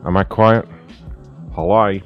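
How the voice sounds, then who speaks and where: A man's voice: on the low side, fairly even intonation, takes it slowly, muffled recording, loud music behind the voice. A man hosting a live prank call show, chatting casually with his audience in a loose, profane, joking way. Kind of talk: casual live-stream chat.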